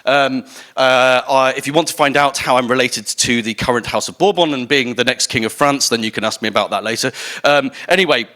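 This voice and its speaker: A man's voice: mid-range voice, a little fast, pushed and bright. An English man giving a chatty, self-mocking conference talk on stage, with many ums and restarts. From England. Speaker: conference speaker.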